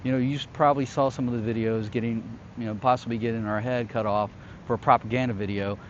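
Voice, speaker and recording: A man's voice: mid-range voice, steady tone, fast talker, slight background noise. A man hosting his own show, telling a personal story in a casual, conversational way and often checking in with the listener. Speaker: host recounting his past as a security contractor. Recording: slightly dull, lo-fi sound.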